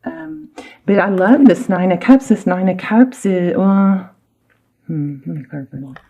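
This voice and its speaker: A woman's voice: mid-range voice, expressive, a little slow, creaky, dark tone, highs cut off. A woman giving a casual, rambling tarot reading to camera, chatty and easily sidetracked, with many fillers. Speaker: tarot reader. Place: home room with her dog.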